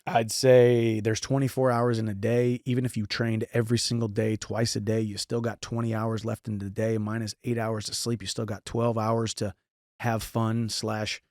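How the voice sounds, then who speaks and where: A man's voice: on the low side, level tone, moderate pace, darkish tone, dry recording, clean studio sound. A man in his thirties from St. Louis, hosting a podcast and giving casual, earnest advice with frequent restarts. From St. Louis, Missouri. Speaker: podcast host answering listener questions.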